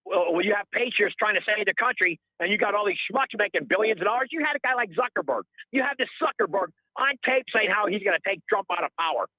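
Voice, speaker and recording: A man's voice: high voice, lively intonation, fast talker, hardly any pauses, dry recording, dull audio. A middle-aged man calling in to a radio show, ranting in a heated, rambling, indignant way and repeating himself. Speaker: caller. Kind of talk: heated call-in rant.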